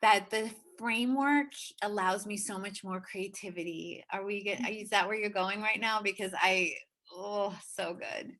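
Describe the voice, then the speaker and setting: Woman host gushing to her live chat over a video call, bright sharp voice. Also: mid-range voice, a little slow. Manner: gushing, addresses audience directly. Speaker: host of live online workshop. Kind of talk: enthusiastic live-stream hosting.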